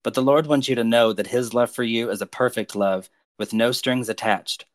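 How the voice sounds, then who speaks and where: A man on a podcast delivering prophetic words to named listeners in a slow, earnest, pastoral way. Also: mid-range voice, fairly even intonation, no room sound.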